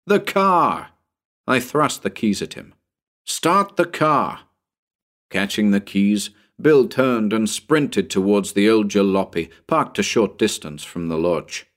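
A man narrating a pulp story in a dramatic, expressive audiobook reading. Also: fairly low pitch, unhurried, hardly any pauses. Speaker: narrator and channel host.

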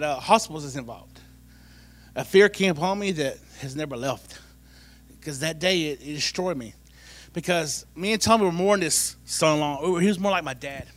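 Guy telling his church testimony, kinda high voice, repeats stuff for laughs. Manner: animated, repeats phrases for comic effect. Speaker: church member giving testimony. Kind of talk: personal testimony storytelling.

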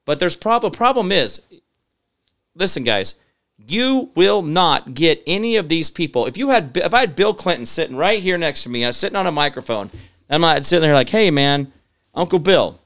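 A man's voice: a little high, sing-song, brisk, a bit bright. A man hosting a live-stream show, talking emphatically and reading viewer comments, rambling with many fillers. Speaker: show host.

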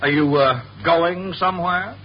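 A man's voice: fairly high pitch, unhurried, natural voice. An actor playing a stern, pompous male school principal in a 1950s radio sitcom, blustery and commanding. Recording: dull old radio recording with hiss.

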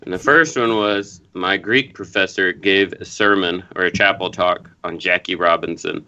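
A man with a fairly low but bright, forceful voice tells an animated anecdote, chuckling along. The audio is slightly dull and lo-fi. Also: moderate pace. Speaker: podcast co-host. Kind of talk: casual storytelling.

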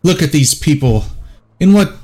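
A man's voice: fairly high pitch, expressive, moderate pace, a little mellow, pitched above the performer's own voice, lightly acted. A man voicing a commanding male ruler dressed in furs, speaking with stern authority in a tabletop game. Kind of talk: game master voicing a character.

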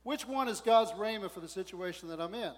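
A male pastor preaching a sermon in a conversational, animated way, often asking the congregation questions. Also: high voice, fairly quick. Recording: long hall reverb.

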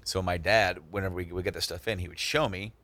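A man with a somewhat low voice swaps stories with friends in a relaxed chat. He tells them in a lively way, playing out the other people's lines, and he often stumbles and repeats his words. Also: fast talker. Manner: animated, acts out the other people in his story; repeats words and restarts a lot. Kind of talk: casual storytelling among friends.

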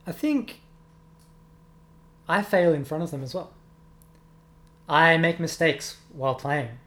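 A man's voice: fairly high pitch, slow, fairly bright tone. A young man, a music teacher giving earnest, reflective interview answers with many ums. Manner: earnest, reflective, with frequent ums and self-corrections.

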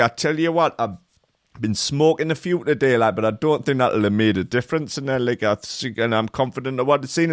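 A man doing a high sweary stoner raver. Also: no room sound, clean studio sound, close to an everyday voice. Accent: put-on regional British. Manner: rambling, sweary, tacks on "and that, like". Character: crude stoner male raver UFO spotter.

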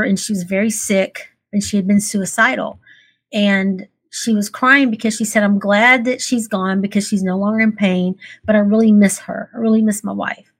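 Earnest woman telling a hard story. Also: mid-range voice. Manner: earnest and emotional, laughs through tears. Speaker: guest. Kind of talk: candid interview storytelling.

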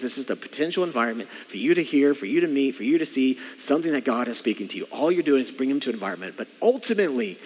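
A man with a medium-pitched voice preaches a sermon as pastor in a church sanctuary, his words filling a large hall. He's emphatic and leads the congregation in call-and-response.

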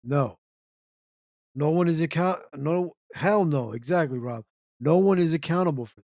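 A man's voice: a little high, normal speed, a little mellow, dry recording. A man hosting an internet radio show, ranting in a casual live commentary, repeating himself and firing off rhetorical questions while reacting to chat. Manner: ranty, repetitive, asks rhetorical questions.

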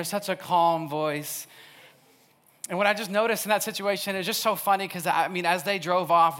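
Young male youth speaker from Wisconsin, bright and a bit high, casual storytelling sermon full of "like". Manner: casual and chatty, laughs often, heavy use of "like". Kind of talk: storytelling sermon to a live audience.

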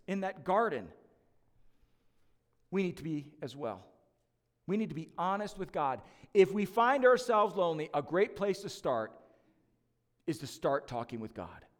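A man's voice: a little high, long reverb tail. A man preaching a sermon as lead pastor, conversational and emphatic, with joking asides to the church.

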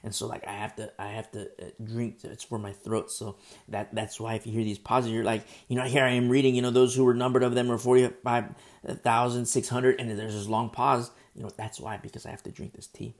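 A man reads and comments on scripture in an earnest, meandering sermon, tripping over difficult names. His voice is rough and gravelly, and his throat is sore, so he pauses often to sip tea. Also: mid-range voice, flat delivery. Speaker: pastor. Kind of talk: verse-by-verse Bible teaching.

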